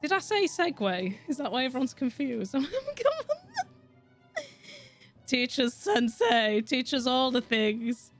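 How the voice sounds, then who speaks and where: A woman's voice: high-pitched, wildly swooping pitch, slow, soft background music. A woman with a Yorkshire accent chatting casually on a game stream, swearing freely and laughing a lot. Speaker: streamer with a virtual avatar. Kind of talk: casual gaming stream chat.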